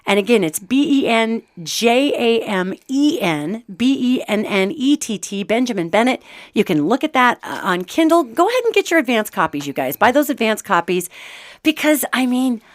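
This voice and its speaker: Upbeat woman hosting a studio chat show, a touch high-voiced. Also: very animated, moderate pace. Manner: bubbly, laughs a lot, spells names out. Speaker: podcast host. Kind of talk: casual interview chat.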